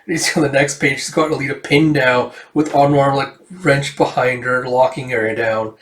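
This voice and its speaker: A man's voice: mid-range voice, little pitch movement, moderate pace, hardly any pauses, fairly bright tone, slight background noise. Guy rambling thru a comic, lots of likes and uhs, roomy echo, mic kinda far. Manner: rambling, filler-heavy retelling. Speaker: comic reviewer. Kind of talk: casual comic read-through.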